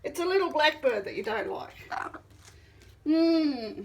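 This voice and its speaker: A woman's voice: sits high, animated, a little slow, pauses often, darkish tone. A woman talking to her pet at home in a coaxing, teasing baby-talk manner. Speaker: pet owner. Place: indoors at home by a window.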